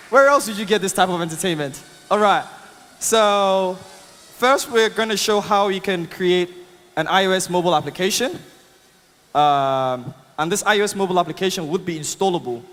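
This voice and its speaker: A man with a fairly high, fairly bright voice and a non-native English accent presents an upbeat, chatty tech talk with a live demo. The long reverb of the large conference hall is audible, and he chuckles at his own jokes amid lots of fillers.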